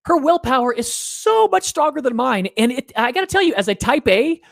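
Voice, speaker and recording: Speaking fairly quickly in a very high-pitched, gravelly voice, a middle-aged guest shares parenting experiences in a conversational interview. He tells them with animation, acting out whoever he quotes, and the studio-quality recording has no room sound.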